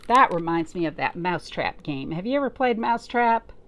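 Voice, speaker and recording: A woman librarian reading a picture book aloud to children, pausing often to point things out and ask them questions. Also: on the low side. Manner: slow, expressive, pausing to talk to young listeners.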